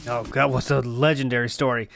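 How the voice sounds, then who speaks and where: A man's voice: medium pitch, little pitch movement, brisk, gravelly, a bit bright, soft background music. A man hosting a stream, reacting to clips with mocking asides and reading out chat messages. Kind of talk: sarcastic reaction commentary.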